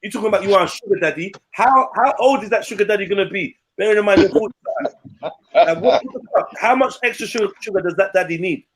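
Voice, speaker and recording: A man's voice: sits high, fast talker. A man, telling a story in casual, blunt, slangy podcast chat. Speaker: podcast co-host.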